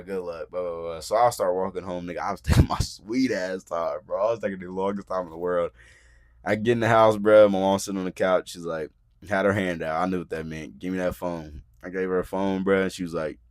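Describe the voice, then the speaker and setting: A young man hosting a podcast, telling a story in loose, slangy casual talk and acting out the quotes. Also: low voice. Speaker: podcast host.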